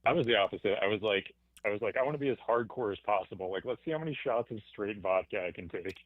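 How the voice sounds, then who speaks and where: A man's voice: fairly low pitch, fast talker, dry recording, narrow, tinny audio. A man chiming in casually on a livestream with easygoing remarks.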